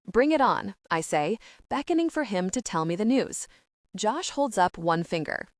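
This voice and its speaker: Woman audiobook narrator: animated first-person telling, dry studio sound. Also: mid-range voice, moderate pace, no room sound.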